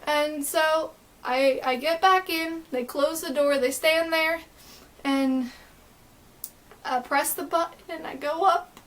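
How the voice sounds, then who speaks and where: A young adult woman telling a storytime vlog, excitable and rambling, with lots of filler words. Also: high-pitched, slow pace. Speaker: vlogger.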